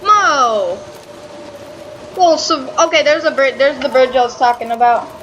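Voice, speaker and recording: A woman casually commenting on her own gameplay, excitable and swearing freely as she talks back at the game. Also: high-pitched, measured pace, highs cut off, slight background noise. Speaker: gaming channel host. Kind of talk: casual let's-play commentary.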